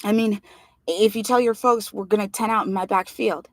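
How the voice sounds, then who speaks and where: A woman reading a story aloud, voicing an excited, breathless boy who talks urgently and earnestly. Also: mid-range voice, moderate pace, no echo, clean studio sound, lightly acted.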